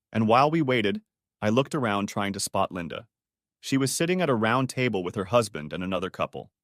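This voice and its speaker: A man narrating a story audiobook in a steady, expressive reading style. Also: lowish voice, no room sound, studio quality.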